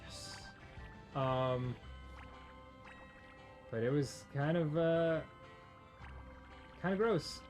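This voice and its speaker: A man's voice: fairly high pitch, very slow, pauses often, darkish tone, faint music behind. A man co-hosting a casual chat, telling a story in a rambling way full of fillers, restarts and laughter. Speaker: podcast co-host.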